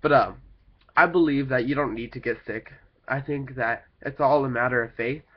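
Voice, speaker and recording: Young man, sick with a cold, casual vlog at home, rambling with fillers, mid-pitched, muffled lo-fi sound. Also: normal speed. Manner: rambling, full of "like" and "kinda thing" fillers. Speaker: vlogger. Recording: dull lo-fi home recording.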